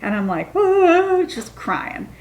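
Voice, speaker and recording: This American storytime vlogger in her thirties is chatty and animated, acting out each quote as she tells her story casually. She speaks unhurriedly in a mid-range voice.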